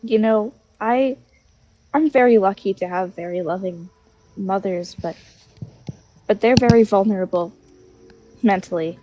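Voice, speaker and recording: A woman playing a young woman writer who misses her family, speaking softly and hesitantly. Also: medium pitch, measured pace, pauses often, close to an everyday voice, rough recording. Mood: heartfelt. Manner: soft, hesitant, heartfelt.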